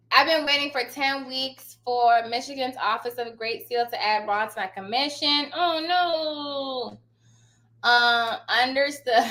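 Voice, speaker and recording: A woman's voice: high voice, bright, forceful tone, reverberant. A woman hosting a casual live stream as a notary trainer, chatty and rambling, often losing her train of thought and laughing. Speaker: online notary trainer and host. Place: home office.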